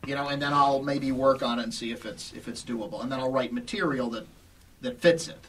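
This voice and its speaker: A male comedian talking as an interview guest, halting and full of restarts and fillers, laughing often. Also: medium pitch, a bit bright, far from the mic, a little hiss or hum. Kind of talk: casual interview chat.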